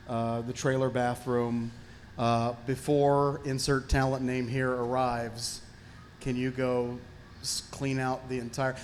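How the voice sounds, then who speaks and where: A man's voice: mid-range voice, slight background noise. A man on a film panel, telling a casual anecdote from his early days on set and laughing as he goes. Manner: laughs while telling the story.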